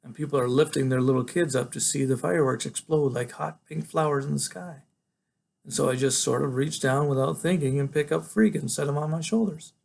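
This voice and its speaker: Gravelly-voiced man reading a novel. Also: mid-range voice. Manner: relaxed conversational storytelling. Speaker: teacher reading aloud. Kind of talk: novel read aloud.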